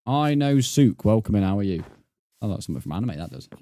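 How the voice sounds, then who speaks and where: A man's voice: lowish voice, big pitch swings, fast talker, dark tone, no room sound. A young man streaming a game live, bantering with his chat, swearing and laughing often. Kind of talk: casual live-stream chat while gaming.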